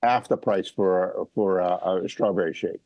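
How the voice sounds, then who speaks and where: Middle-aged male farmer from Hawaii, lowish voice, dry recording, chatty explainer with frequent ums and restarts. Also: fairly even intonation, measured pace, a little mellow, no echo, muffled recording. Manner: explanatory, lots of fillers and restarts. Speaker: mango farmer guest. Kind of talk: casual interview talk.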